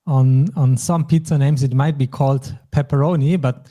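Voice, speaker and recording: A man's voice: mid-range voice, fairly even intonation, moderate pace, dark tone. A man from German-speaking Europe hosting a language lesson, patiently explaining phrases and vocabulary step by step. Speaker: language teacher.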